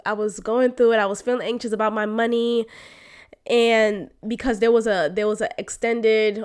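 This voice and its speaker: Emotional, animated woman telling her story. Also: a little high, smooth. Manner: emotional, animated, swings to loud exclamations; frank, uses slang and swearing. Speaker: podcast host. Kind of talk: candid personal storytelling.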